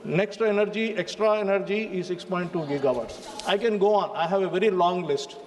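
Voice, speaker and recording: A man's voice: high-pitched, fairly quick. A man with an Indian English accent giving a formal parliamentary speech, often addressing the chair as sir. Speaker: member of parliament. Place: parliament chamber. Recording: faint hall reverb, light noise.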